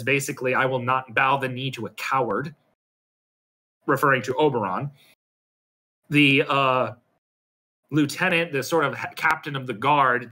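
A man's voice: medium pitch, sharp tone. A man casually retelling a role-play episode over a voice call, hesitant and full of ums and restarts. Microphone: computer mic on a voice call.

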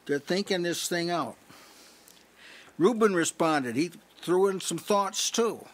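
A man preaching in a relaxed teaching style at a small house church, often checking in with "see?" and restarting his sentences. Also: high voice, slow. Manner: conversational teaching, frequent "see?" asides and restarts. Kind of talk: sermon.

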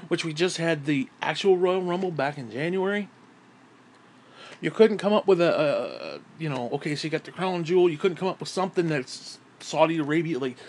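High-voiced man in a profane rant. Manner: exasperated, profane, sighing, swings from yelling to muttering. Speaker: wrestling commentary YouTuber.

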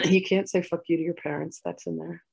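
A woman telling a personal story in a healing session, animated, acting out arguments and laughing. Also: fairly low pitch, a little fast, vocal fry, husky, rough recording.

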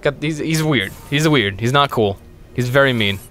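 A young man co-hosting a video game let's play, joking, swearing and breaking into excited outbursts. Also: mid-range voice, normal speed, soft background music. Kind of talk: casual gaming banter.

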